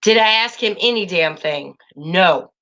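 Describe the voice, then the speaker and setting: A woman's voice: lowish voice, lively intonation, unhurried, a bit bright, highs cut off. A woman hosting a casual livestream, talking emphatically and a bit preachily to her viewers, calling them y'all. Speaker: channel host.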